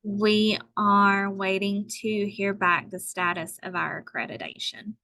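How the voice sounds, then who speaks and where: Woman on a video call webinar, bright voice, chatty and full of ums. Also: mid-range voice, a little slow. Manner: conversational, many fillers. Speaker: tribal health department presenter. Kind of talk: webinar talk.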